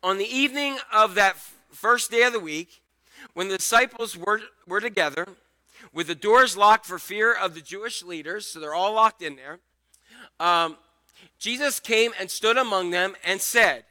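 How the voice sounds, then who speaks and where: A male pastor giving a conversational, animated sermon, acting out the scripture scenes as he goes. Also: sits high, normal speed.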